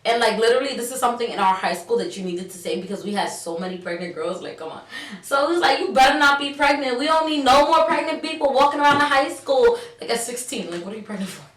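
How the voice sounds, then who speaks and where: A woman's voice: fairly high pitch, quick pace, far from the mic. A young woman telling a story in casual, slangy vlog talk, acting out the dialogue. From New York. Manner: animated, slangy, acts out dialogue. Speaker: vlogger. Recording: roomy, set back from the mic.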